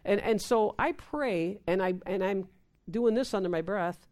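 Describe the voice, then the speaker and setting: A woman's voice: medium pitch, a little slow, a little mellow. A woman giving an informal sermon, often repeating words and acting out quoted prayers. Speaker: preacher.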